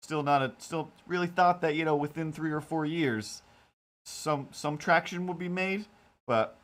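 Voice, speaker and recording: A man's voice: a little high, normal speed, a bit bright. A man hosting a casual live stream while drawing, talking in a rambling, self-deprecating way with lots of fillers. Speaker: live-stream host and cartoonist.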